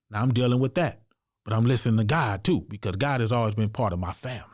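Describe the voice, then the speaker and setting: A man's voice: on the low side, fast talker, darkish tone, no echo, studio quality. Earnest man telling a personal story. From United States. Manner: earnest, emphatic, conversational. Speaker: podcast guest.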